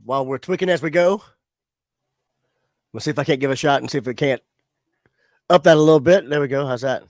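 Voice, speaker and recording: A man's voice: on the high side, brisk, no room sound, clean studio sound. A man hosting a casual live-stream, chatting loosely with viewers in a laid-back way. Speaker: livestream show host. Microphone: studio microphone with audio interface.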